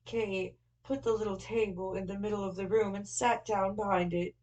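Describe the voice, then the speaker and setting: A woman narrating a classic novel in a steady, even storytelling manner. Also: mid-range voice, normal speed, few pauses, low-quality recording. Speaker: audiobook narrator.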